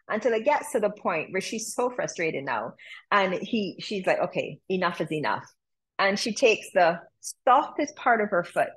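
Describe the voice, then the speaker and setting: A woman's voice: medium pitch, slightly rough, low-quality recording. A woman yoga teacher telling a story in a chatty, casual way, laughing often, then guiding a practice.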